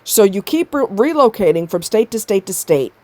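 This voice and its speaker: A woman's voice: medium pitch, sing-song, normal speed, darkish tone, no room sound. A woman giving a blunt, exasperated commentary on a video, swearing freely as she rants. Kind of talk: ranting commentary.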